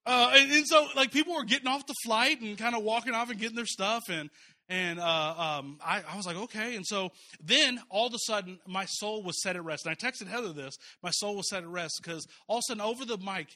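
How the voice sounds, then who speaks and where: A middle-aged pastor from Kansas City, telling a joking story in a casual sermon, full of fillers and restarts. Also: male voice, high voice, brisk, sharp tone. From Kansas City, US Midwest.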